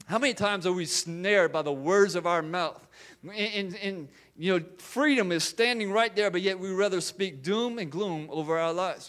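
A man with a raised, higher-than-usual voice delivers a sermon. He speaks earnestly, circling back over phrases and restarting his sentences as he works through a point. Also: moderate pace, a bit bright. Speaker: preacher.

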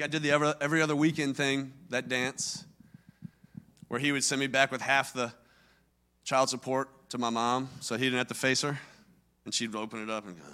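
A man from Louisiana with a sharp, clean, mid-range voice preaches a personal testimony sermon. He tells his own story earnestly and conversationally, growing emphatic as he goes.

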